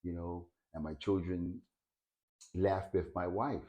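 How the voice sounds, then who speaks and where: Weary homeless man, halting and wistful, low voice, played by a male narrator. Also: fairly even intonation, darkish tone. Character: angry homeless man softening into sadness.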